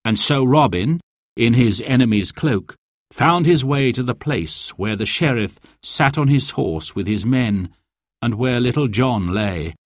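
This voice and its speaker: A man reading a storybook aloud as narrator, in a slow and expressive way. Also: medium pitch, no room sound, clean studio sound.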